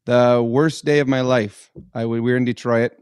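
A man who used to play pro hockey, co-hosting a radio show and calmly recounting a hard day from his career. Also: medium pitch, normal speed, smooth, no room sound. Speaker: co-host, former hockey player. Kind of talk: casual storytelling.

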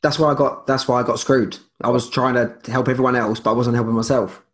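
A man's voice: mid-range voice, little pitch movement, fast talker. A man speaking as a guest in a casual interview, rambling with many restarts and fillers.

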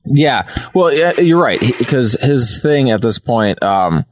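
A man co-hosting a podcast in casual chat, relaxed and talky with frequent fillers. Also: mid-range voice, slow pace. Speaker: podcast co-host.

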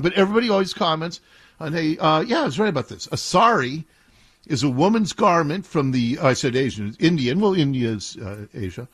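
A man from the Seattle area hosting a talk radio show, animated and indignant, arguing playfully with his co-hosts. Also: a little high, breathy edge. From Seattle area, USA.

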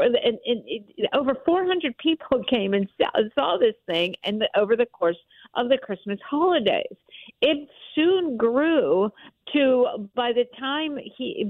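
A woman's voice: medium pitch, no echo. A woman in her sixties from Western Pennsylvania, a columnist telling a story with emphatic enthusiasm. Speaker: newspaper columnist, guest. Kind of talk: casual interview. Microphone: phone. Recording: tinny phone line.

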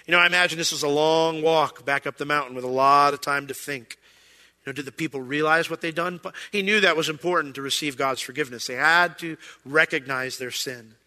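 A man's voice: fairly high pitch, fairly quick, sharp tone, big-room sound. A man preaching a sermon as a pastor, in a conversational way, acting out quoted voices.

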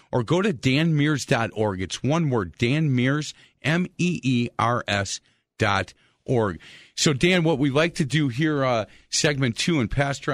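A man hosting a sports radio talk show, telling a story in a chatty, lively way. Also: mid-range voice, no room sound, studio quality.

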